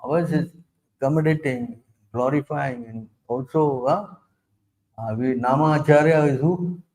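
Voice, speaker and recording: A man, a spiritual teacher giving an informal religious talk. He speaks emphatically, keeps asking whether listeners understand, and acts out other people in a lowered voice. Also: a little slow, darkish tone, low-quality recording. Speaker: spiritual teacher answering questions.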